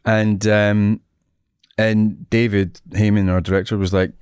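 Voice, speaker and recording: A man's voice: on the low side, flat delivery, unhurried, darkish tone, clear, resonant tone, no room sound, clean studio sound. A Scottish man in his forties, a guest telling stories in a casual interview and often laughing. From Scotland. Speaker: actor, guest.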